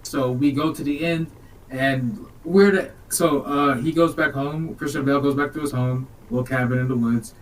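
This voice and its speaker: Male podcast co-host, mid-pitch, casual rambling recapper, distant mic. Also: steady tone, moderate pace. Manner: rambling, jokey storyteller.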